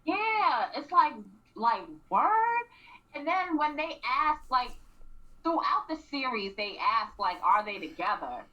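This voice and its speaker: Woman co-host, high bright voice, lively recap chat, mic sounds distant and dull. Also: slow pace. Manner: animated, acts out quotes, frequent throat clearing. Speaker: radio show co-host.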